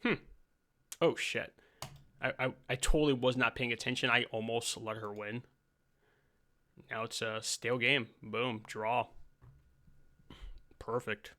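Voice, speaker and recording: A man's voice: medium pitch, measured pace, long pauses. A man giving casual, rambling gameplay commentary, full of fillers. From United States. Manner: rambling, relaxed, lots of fillers. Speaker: gaming channel host.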